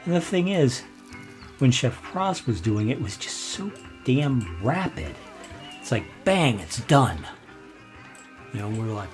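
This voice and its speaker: Over music, a man commentating on gameplay tells a loose, wandering story between chuckles, often starting sentences over. He speaks a little slowly in a lowish, expressive voice, leaving long pauses.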